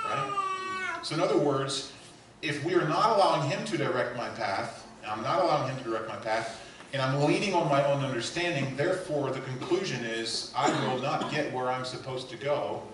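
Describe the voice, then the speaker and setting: A man's voice: medium pitch, very noisy. Preaching man in an echoey church. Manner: swings between loud emphatic preaching and quiet hushed asides. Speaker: pastor. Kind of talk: sermon. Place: church sanctuary. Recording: echoey church hall heard from a distance.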